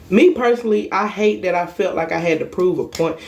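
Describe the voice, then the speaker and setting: A woman's voice: fairly low pitch, vocal fry. Blunt, profane young woman telling a story. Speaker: vlogger. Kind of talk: casual storytime monologue.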